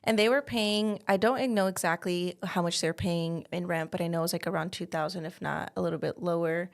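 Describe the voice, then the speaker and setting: A woman's voice: on the low side, fairly even intonation, brisk, vocal fry. A woman working as a realtor, chatting as an interview guest and telling stories with lots of "like" fillers. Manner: chatty storytelling with frequent "like" fillers. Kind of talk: casual interview talk.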